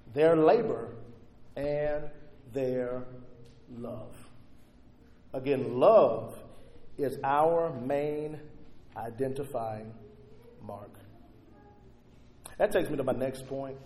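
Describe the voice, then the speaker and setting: Male preacher, sermon delivery, high voice, booming then hushed, long reverb of a church hall. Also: a little hiss or hum. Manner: dramatic swings between loud emphasis and hushed near-silence, drawn-out key words. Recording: echoey hall.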